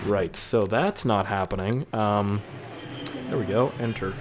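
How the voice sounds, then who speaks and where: A young Canadian man with a Canadian accent giving casual let's-play commentary, excitable and profane, yelping and swearing while he plays. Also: fairly low pitch, a little slow, slight background noise. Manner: excitable and profane, yelps and swears at other cars. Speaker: gaming YouTuber. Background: game music and car engine sounds.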